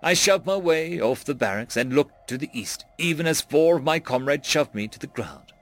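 Speaking at a moderate pace with lively intonation, a man narrates a dramatic first-person story. When characters shout in panic, he raises his voice sharply with big pitch jumps.

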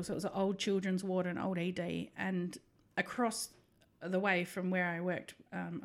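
Chatty woman telling stories. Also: mid-range voice. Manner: chatty, lots of "like", laughs through her stories. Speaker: podcast co-host, nurse. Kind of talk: casual storytelling chat.

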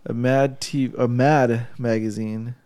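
A man's voice: medium pitch, steady tone, slow, mellow, clean tone. A man on a podcast, casually telling a story with heavy swearing and frequent laughs. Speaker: podcast co-host. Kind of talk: casual chat.

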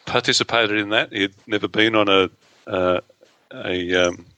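A man with an Australian accent co-hosting a gaming podcast, relaxed and giving helpful game advice. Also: fairly low pitch, unhurried. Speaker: podcast co-host. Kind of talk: casual gaming chat.

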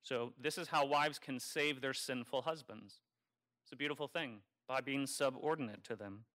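A man preaching a homily in a conversational, wry way, teasing his listeners and slowing down to stress key phrases. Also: mid-range voice, fairly bright tone. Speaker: Catholic priest. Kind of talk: sermon.

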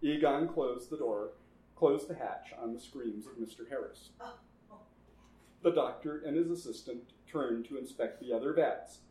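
A man narrating a horror story in a measured, dry reading voice. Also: medium pitch, mellow. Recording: echoey room.

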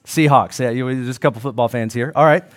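A man preaching a sermon to his congregation in an animated, conversational way, full of restarts and asides to the crowd. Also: mid-range voice, fast talker. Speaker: pastor.

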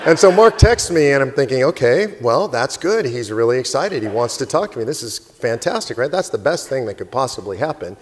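A man and organization president telling an animated story in a speech to a live audience, laughing often as he goes. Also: mid-range voice, a little fast, few pauses, slight background noise. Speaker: convention speaker and organization president. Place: conference hall stage. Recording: long hall reverb with faint crowd.

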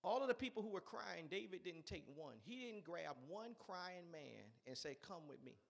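A man's voice: high-pitched, animated, normal speed, creaky. A man preaching a sermon in an emphatic, repetitive way, urging his listeners on.

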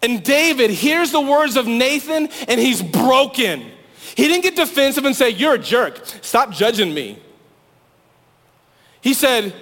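Man, youth pastor, high voice, swings from loud to hushed, echoing hall. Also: sing-song, unhurried. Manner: fervent, swings from loud urging to hushed pleading. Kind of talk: sermon. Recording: long hall reverb.

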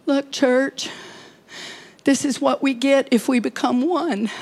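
A woman preaching a sermon, dropping into hushed whispers and then rising to urgent calls to the congregation. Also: sits high.

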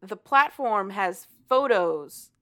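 A woman casually recapping a story for a co-host, animated and profane, laughing often as she talks. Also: medium pitch, slow pace. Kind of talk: casual chat.

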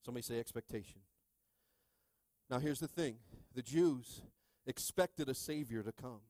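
A male pastor in his thirties preaching a sermon, calling out to the congregation and swinging from quiet asides to shouting. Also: medium pitch, normal speed, no echo.

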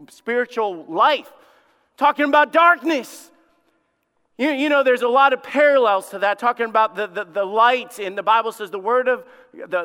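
A middle-aged man preaching a sermon as lead pastor, swinging between animated exclamations and hushed warnings. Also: high voice, clear, resonant tone, big-room sound.

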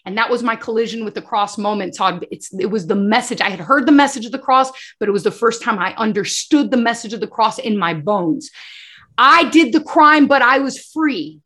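A woman's voice: medium pitch, brisk, few pauses, husky. A woman giving an emotional faith testimony as a guest, telling her story with animation and acting out the dialogue. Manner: animated storyteller who acts out dialogue and often addresses the host.

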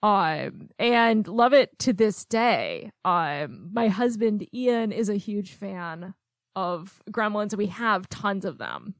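A woman's voice: mid-range voice, lively intonation, slow pace, no room sound, clean studio sound. A woman co-hosting a casual film podcast, talking in a chatty way with frequent ums and light laughs. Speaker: podcast co-host.

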